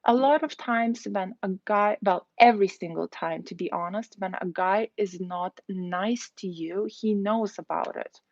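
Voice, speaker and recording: A woman's voice: medium pitch, a little slow, hardly any pauses, dry recording, highs cut off. Chatty woman giving blunt dating advice. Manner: chatty, blunt, heavy use of "like" and "you know". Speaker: dating coach. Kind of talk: casual live stream advice. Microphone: phone.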